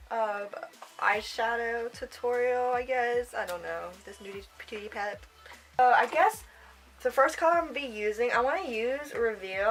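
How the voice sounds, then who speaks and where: A woman's voice: on the high side, fairly bright tone, low-quality recording. A young woman giving a casual makeup tutorial, chatty and rambling, often trailing off and giggling to herself. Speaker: makeup vlogger.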